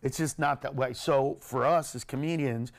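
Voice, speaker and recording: A man who is a stand-up comedian, chatting as a guest on a TV talk show, animated and laughing often. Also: medium pitch, moderate pace, gravelly. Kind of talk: casual TV chat. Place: TV studio.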